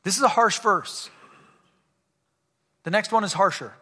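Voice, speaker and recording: A man's voice: sits high, unhurried, sharp tone, slightly rough. A man preaching a sermon in a church, reading scripture and breaking off into casual, joking asides to the congregation. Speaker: pastor. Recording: long hall reverb.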